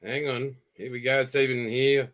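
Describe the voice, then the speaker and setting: A man's voice: mid-range voice, little pitch movement, moderate pace, a bit bright. A man with an Australian accent hosting a live video chat, joking and bantering playfully. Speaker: host.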